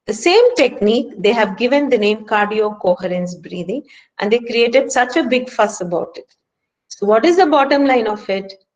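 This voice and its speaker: A woman's voice: medium pitch, rough recording. Earnest Indian woman teaching breathing. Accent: Indian English. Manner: earnest, emphatic, rhetorical questions. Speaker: stress management trainer. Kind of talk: online workshop lecture. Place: home, speaking remotely.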